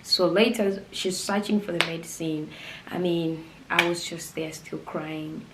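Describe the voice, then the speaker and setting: A young woman telling a personal story in a vlog, animated and laughing often as she goes. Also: on the low side, measured pace. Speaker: vlogger. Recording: roomy with faint background noise.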